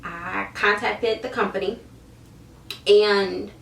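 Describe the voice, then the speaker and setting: A woman in her thirties telling a story to camera in a casual, animated way, acting out her own reactions. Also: medium pitch, takes it slowly, creaky, slight background noise. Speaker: hair seller vlogger. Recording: roomy, mic at a distance.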